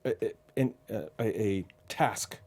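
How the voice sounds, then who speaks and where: A middle-aged man, a film composer, being interviewed and telling animated anecdotes, acting out quoted voices with lots of fillers. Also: fairly low pitch, takes it slowly, breathy edge. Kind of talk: interview, casual storytelling.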